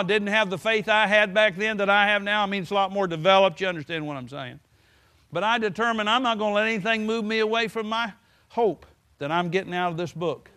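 A man's voice: sits high, fairly quick, pushed and bright. A man preaching a sermon in a folksy way, stretching words for emphasis and breaking in with "hallelujah.". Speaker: pastor.

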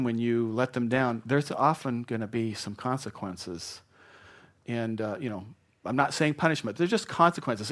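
A middle-aged man preaches from a church pulpit, his voice sitting in an ordinary middle pitch. He talks plainly, then acts out quoted apologies and excuses with lively shifts of voice. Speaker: pastor. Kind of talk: sermon.

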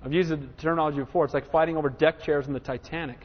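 A male pastor preaches emphatically from the pulpit in a high voice for a man, calling out to his congregation for an "Amen?" His voice rings out through a long hall reverb on a dull, lo-fi recording. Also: steady tone, very fast. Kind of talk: sermon.

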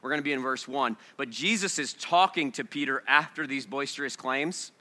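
A man preaching a sermon to his congregation, swinging between loud bursts and hushed storytelling. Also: medium pitch, normal speed. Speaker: pastor. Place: church sanctuary before a congregation.

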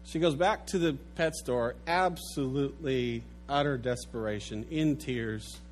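A man preaching a sermon, telling an animated story and dropping low and soft for the sad parts. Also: measured pace, a little hiss or hum. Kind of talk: sermon with a told joke.

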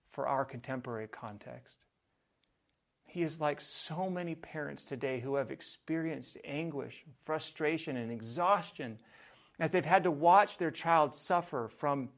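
Male pastor, sermon delivery, unhurried and a touch high-pitched, with hushed emphasis on key lines. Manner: measured preaching, dropping soft on key phrases.

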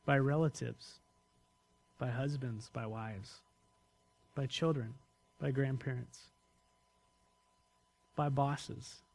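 A man's voice: mid-range voice, steady tone, slow, vocal fry, long pauses, darkish tone. A man preaching a sermon as pastor, conversational and often putting questions to the congregation.

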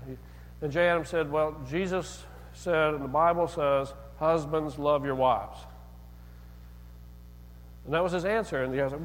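A high-pitched man preaches to his church in an easy, conversational manner, telling stories and slipping into the voices of the people in them. His voice rings out with a long hall reverb. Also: moderate pace, pauses often. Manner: conversational, storytelling with acted quotes. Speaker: pastor. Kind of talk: sermon.

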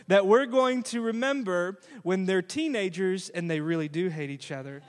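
A man's voice: high-pitched, normal speed, few pauses. A male pastor preaching a sermon in a conversational storytelling way, often putting questions to the congregation. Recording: long hall reverb.

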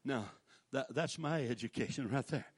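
An older man, preaching a folksy storytelling sermon that breaks into shouted praise. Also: mid-range voice, normal speed, breathy edge.

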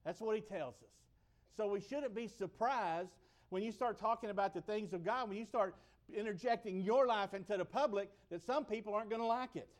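A man's voice: sits high, a little fast. A man from the United States preaching a sermon, emphatic and repeating his key phrases for weight.

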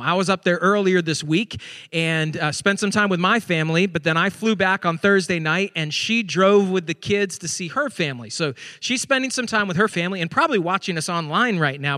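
Male pastor, forties, chatty storytelling sermon, bright tone, dry close sound. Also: high-pitched, dry recording, in a large hall. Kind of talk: sermon with personal stories.

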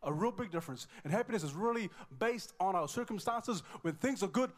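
A middle-aged man from New Zealand preaching a sermon with passion, swinging from loud exclamations to quiet, intimate asides. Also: high voice, expressive, quick pace, few pauses. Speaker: pastor.

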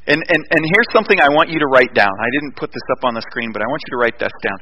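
A male pastor preaching a conversational sermon, animated and fond of rhetorical questions. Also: medium pitch, quick pace, long reverb tail, dull audio.

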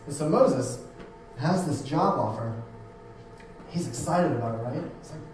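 A man's voice: a little high, lively intonation, unhurried, long pauses, a little mellow, faint music behind. A man preaching a casual sermon who often repeats words and restarts his sentences. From United States. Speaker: pastor. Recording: very echoey room, voice from a distance, faint hum.

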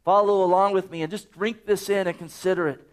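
A man's voice: high-pitched, fairly even intonation, brisk, clear, resonant tone. A man preaching a sermon, earnest and urging, often quoting scripture.

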